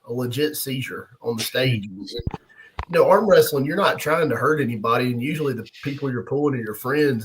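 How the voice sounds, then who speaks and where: Here the middle-aged arm wrestler speaks in a medium, fairly bright voice, with a little hiss or hum on a rough recording. As a podcast guest, he keeps things casual, telling stories in a laid-back way with frequent chuckles and restarts.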